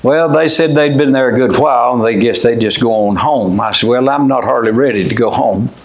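An older man with a drawl preaches in a folksy, unhurried way, mixing old-fashioned scripture wording with plain talk. His voice sits at an ordinary middle pitch. The room around him rings with echo. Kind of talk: folksy sermon with storytelling. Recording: echoey room.

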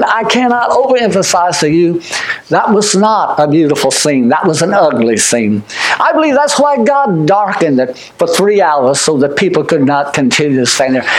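A man preaching a sermon, shouting out some lines and dropping low on others, repeating himself while he looks up scripture. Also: rough recording. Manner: emphatic, swings between shouting and hushed tones; repeats words, fumbles while looking up scripture.

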